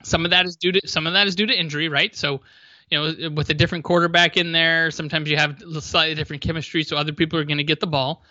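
A man co-hosts a sports podcast, talking through plays in a measured, analytical way. His voice is very bright and sharp, a bit higher than most men's. The recording sounds dull and lo-fi, with a dry, close sound. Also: level tone, no echo. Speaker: podcast co-host. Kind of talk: casual sports chat.

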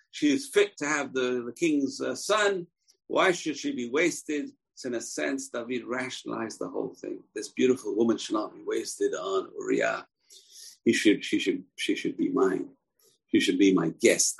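A man's voice: mid-range voice, creaky, slightly rough, rough recording. A man teaching a Torah lecture emphatically, posing questions and answering them himself. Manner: emphatic, asks and answers his own questions. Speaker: religious teacher.

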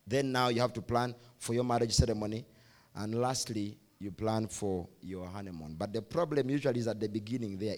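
A man's voice: fairly low pitch, a little fast, a little mellow. A man with a Ugandan accent, preaching a youth sermon as pastor, emphatic and repeating key phrases. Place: church hall.

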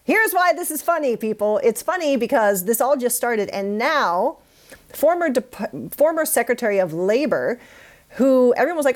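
A woman's voice: a little high, normal speed. A woman co-hosting a podcast, running the news segment with puns and self-mocking asides in casual chat. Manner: punning, self-mocking, lively.

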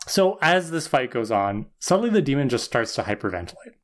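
A man's voice: medium pitch, very animated, brisk. A man co-hosting a podcast, retelling episode plot in a wry, casual way. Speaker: podcast co-host. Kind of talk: casual recap chat.

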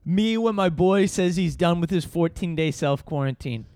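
A man co-hosting a comedy podcast, joking with quick asides. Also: fairly high pitch, heavy background noise. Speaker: podcast co-host. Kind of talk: casual comedy chat.

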